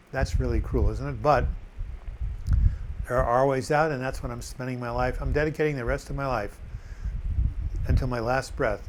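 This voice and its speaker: A man's voice: mid-range voice, a little hiss or hum, poor audio. An older man hosting a live chat, reading out viewer comments with joking asides.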